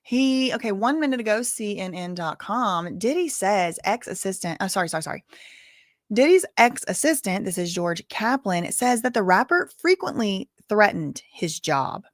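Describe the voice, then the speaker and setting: Brief: woman, live-stream commentary host, conversational and digressive, mid-pitched, dry close sound. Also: expressive, normal speed, dry recording. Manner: casual, chatty, rambling asides. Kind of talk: live news commentary reading updates.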